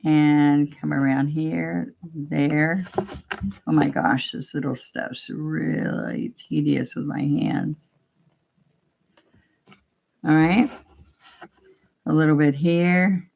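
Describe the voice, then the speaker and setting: A woman's voice: low-pitched, fairly even intonation, extremely slow, gravelly, long pauses. A woman teaching a painting demo, chatting casually step by step and talking to herself as she works. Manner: chatty, talks to herself while working, gently coaxing. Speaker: painting instructor.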